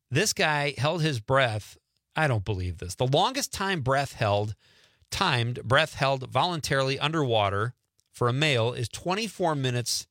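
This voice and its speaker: A man hosts a radio show with a joking, animated delivery. His pitch leaps around expressively and his tone is bright and forward. The sound is dry, close studio audio. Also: no echo. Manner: jokey, animated, laughs often. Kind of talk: casual radio banter.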